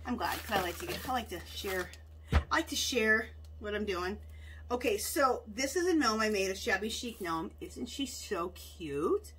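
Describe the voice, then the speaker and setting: A woman's voice: mid-range voice, a bit bright, slightly rough. A woman hosting a casual haul video at home, chatty and enthusiastic, gushing over cute craft finds.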